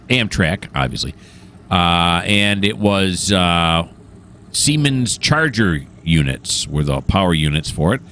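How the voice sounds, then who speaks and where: Low-pitched male game host, casual and rambling, full of ums and uhs. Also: fairly bright tone, slight background noise. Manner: rambling, enthusiastic, many filler sounds. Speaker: train simulator gameplay host. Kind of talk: casual gameplay commentary.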